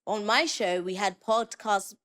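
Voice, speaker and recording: A woman's voice: mid-range voice, measured pace, a bit bright, clear, resonant tone. A woman in her thirties from Nigeria, with a Nigerian accent carrying British and American twang, co-hosting a podcast in a chatty, teasing way. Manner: chatty, teasing, laughs easily. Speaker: podcast co-host. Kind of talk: casual chat. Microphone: podcast microphone.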